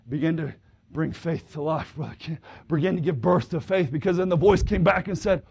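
Fervent man in the pulpit, rasping high-pitched delivery, shouts and hallelujahs. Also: a little fast. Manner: fervent, calls out brother, sister, shouts hallelujah. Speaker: preacher. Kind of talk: sermon. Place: church service with congregation responding.

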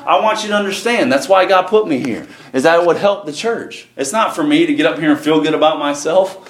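A man's voice: sits high, quick pace, few pauses. A man preaching a sermon as pastor, plain-spoken, folksy and earnest. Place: church sanctuary. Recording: roomy echo, faint ambient noise.

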